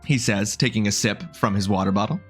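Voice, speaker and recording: A man's voice: lowish voice, brisk, soft background music. A young adult man live-streaming a game, chatting casually with his viewers, greeting them by name and joking as he trails off mid-sentence.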